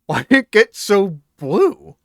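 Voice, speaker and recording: A man's voice: sits high, slow, vocal fry, dry recording, studio quality. A man hosting a talk show, telling a rambling comedic bit and acting out scenes. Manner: animated, rambling, acts out scenes.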